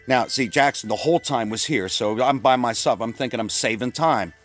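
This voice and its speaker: A man from Pennsylvania telling a rambling comic story, full of stumbling restarts and deadpan exaggeration. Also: mid-range voice, fairly quick, faint music behind. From Pennsylvania, USA. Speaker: comedian.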